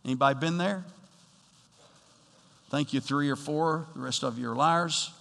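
A man's voice: on the high side, normal speed, vocal fry, fairly bright tone, big-room sound. A male pastor preaching a sermon, building to emphatic bursts and talking straight to the congregation. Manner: preaching with rising emphatic bursts and direct address.

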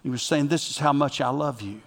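A fairly high-pitched male pastor preaching a sermon in a church sanctuary. His delivery is emphatic and swings between loud, driving bursts and quiet, intimate asides. The sound carries a long hall reverb. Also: a little fast.

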